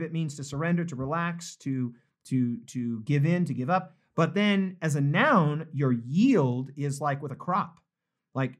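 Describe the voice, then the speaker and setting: A male pastor hosting a live-streamed book study. He reads viewer comments aloud, reacts to them cheerfully, and closes with an earnest prayer. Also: fairly high pitch. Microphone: phone livestream.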